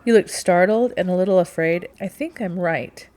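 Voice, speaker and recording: A woman's voice: fairly low pitch, moderate pace, darkish tone, close to an everyday voice. A woman reading the part of an outspoken young woman who questions in a precise, analytical way. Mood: probing.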